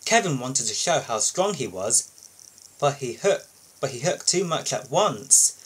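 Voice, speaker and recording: A man reads a children's storybook aloud, expressive and sing-song. His pitch swings widely. His voice has a husky, breathy texture. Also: a little slow, low-quality recording. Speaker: storybook reader.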